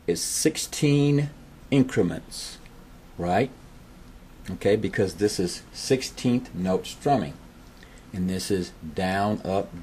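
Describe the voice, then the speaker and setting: A man's voice: lowish voice, darkish tone, slight background noise. A man teaching a guitar strumming lesson, patiently calling out the strokes while he plays. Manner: patient, counts strums aloud over guitar.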